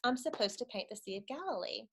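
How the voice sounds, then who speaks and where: A woman's voice: fairly high pitch, animated, fast, breathy edge. A woman, giving an earnest, conversational church talk to a webinar audience. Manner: earnest, conversational, addresses audience as guys and y'all. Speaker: church speaker on creativity.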